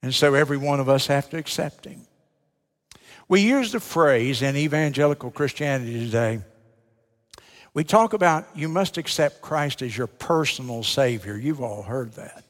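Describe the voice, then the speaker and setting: Speaking at a normal pace in an animated, mid-range voice, an older man from the U.S. gives an emphatic, folksy Baptist sermon. He poses rhetorical questions to the congregation, and the recording carries long hall reverb.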